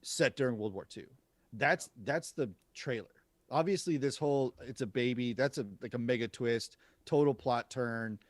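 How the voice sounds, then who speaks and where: A man's voice: medium pitch, normal speed, no echo. A man co-hosting a casual movie review podcast, chatty and prone to repeating words as he starts a thought. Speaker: podcast co-host.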